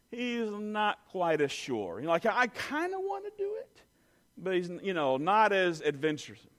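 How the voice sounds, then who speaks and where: A man telling an animated personal story to an audience, full of "you know" and "I mean". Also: a little high.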